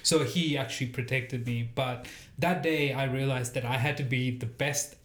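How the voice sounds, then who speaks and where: A man's voice: medium pitch, steady tone, moderate pace, fairly bright tone. A man who makes pizza telling a personal story in casual chat, earnest and hesitant, with many ums. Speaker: pizza maker guest. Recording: roomy echo.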